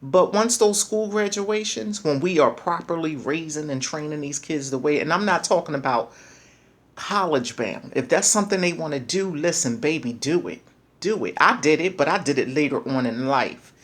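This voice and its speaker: A woman's voice: low-pitched, normal speed. A middle-aged woman speaking in an emphatic, preachy monologue, repeating lines for effect and calling listeners "baby". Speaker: speaker sharing parenting views. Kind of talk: passionate monologue.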